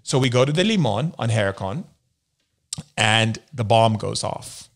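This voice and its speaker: A man's voice: lowish voice, expressive, measured pace. A man from the United States, a spiritual healer as interview guest, telling stories and acting out the voices he quotes. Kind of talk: storytelling in a conversation.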